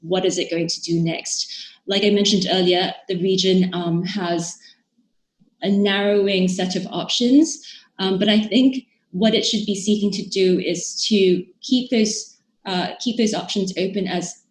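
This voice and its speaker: A woman guest expert giving measured podcast interview answers, with frequent fillers and restarts. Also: mid-range voice, fairly even intonation, echoey room.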